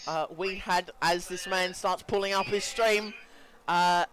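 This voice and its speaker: A man's voice: high voice, steady tone, unhurried, over music. A man co-commentating a sim racing session, easygoing, laughing along and reading out the timings. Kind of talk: live esports co-commentary.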